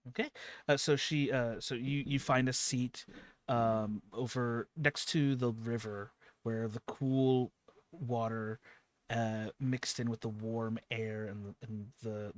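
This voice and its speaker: A man's voice: mid-range voice, fairly even intonation, unhurried, no echo. A man narrating as game master of a tabletop role-playing game, rambling with many fillers and restarts.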